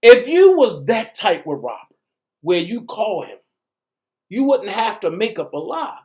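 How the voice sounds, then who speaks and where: A man speaks in loose, slangy commentary, taking his time over every phrase. His pitch rises and falls freely, and he switches into reading court papers aloud before stepping back to react. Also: measured pace. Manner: animated, slangy, reads documents aloud. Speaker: commentary vlogger. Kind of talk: casual commentary.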